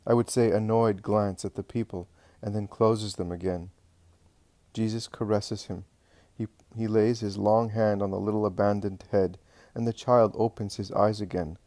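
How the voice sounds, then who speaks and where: A man giving an earnest, measured scripted reading of a religious narrative. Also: lowish voice, mellow, dry recording.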